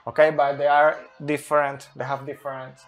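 A man's voice: on the high side, flat delivery, a little fast, soft background music. Hesitant man breaking down football tactics. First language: Spanish. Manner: hesitant, searching for words, many fillers. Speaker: football analyst. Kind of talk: tactical analysis commentary.

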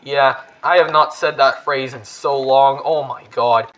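A man hosting a gaming video, commenting excitably and panicking with repeated words. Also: medium pitch, a little slow, hardly any pauses, lo-fi sound.

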